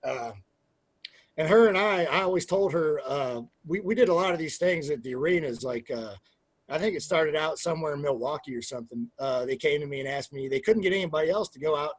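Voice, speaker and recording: A man in his forties, a former pro wrestler, telling profane, animated stories in an interview and acting out quoted dialogue. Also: fairly high pitch, brisk, no room sound. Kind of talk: casual storytelling interview.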